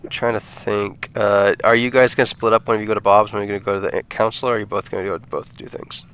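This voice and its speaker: A man acting as dungeon master, running a tabletop game and trailing off into quiet asides. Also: on the low side, flat delivery, fast talker, smooth.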